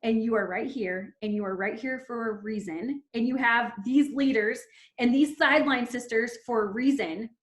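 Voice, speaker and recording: A woman's voice: a little high, moderate pace, roomy sound. A woman in her thirties leading a team call, giving an emphatic, fervent motivational pep talk. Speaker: team leader.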